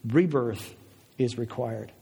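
A man's voice: medium pitch, takes it slowly, gravelly, mellow, slightly rough, pitched below the performer's own voice, full character voice. A man preaching, voicing Jesus as a blunt, matter-of-fact adult man. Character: Jesus, calm adult man cutting through flattery. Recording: reverberant hall.

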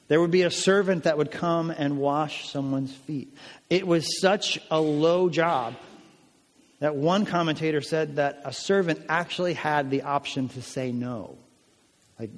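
A man preaching a sermon in a lively, emphatic way, acting out the quotes he tells and joking with his listeners. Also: fairly high pitch, in a large hall. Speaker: pastor.

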